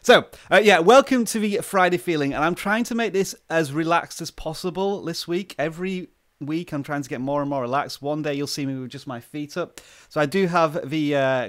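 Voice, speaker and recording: A chatty man from the UK hosts a relaxed live stream, reading out viewers' names in a slightly high voice. He sits close to the microphone in a dry, dead room. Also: no echo. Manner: chatty, greets viewers by name. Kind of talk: casual live stream chat. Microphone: close desk microphone.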